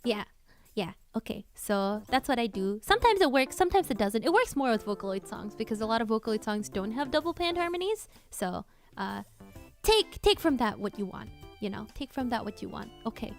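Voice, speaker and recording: A woman's voice: on the high side, big pitch swings, fairly quick, soft background music. A young woman hosting a casual live Q&A about singing covers, chatty and self-correcting with lots of fillers.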